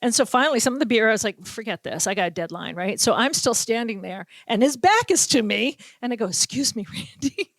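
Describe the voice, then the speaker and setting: A woman with a Boston accent, a podcast host and sports reporter telling an animated story and acting out the quotes. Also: fairly high pitch, brisk, few pauses, no room sound. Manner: animated storyteller, acts out quotes, laughs often. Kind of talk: casual storytelling chat.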